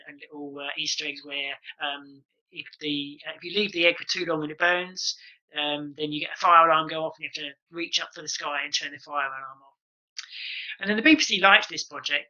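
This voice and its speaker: Guy presenting on a video call, super bright sharp voice, lots of ums and uhs. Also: on the high side, rough recording. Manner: explanatory, filler-heavy with many ums and uhs. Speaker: conference presenter. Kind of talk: online presentation with demos.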